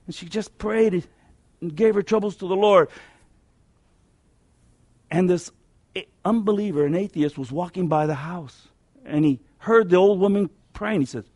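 Male preacher, high-pitched, emphatic, repeats key lines, dry close recording. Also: measured pace, pauses often, darkish tone, no room sound. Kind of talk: sermon.

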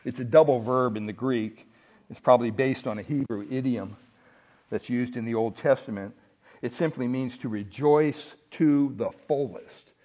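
A man's voice: medium pitch, normal speed, darkish tone, dull audio. A man preaching a sermon with emphasis, asking the congregation rhetorical questions. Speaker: pastor.

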